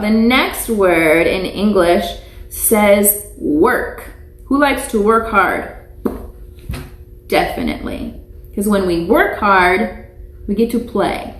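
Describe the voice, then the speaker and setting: A woman teaching young children in a live online lesson, speaking patiently and repeating each word for them to echo. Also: medium pitch. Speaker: preschool teacher. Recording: echoey room.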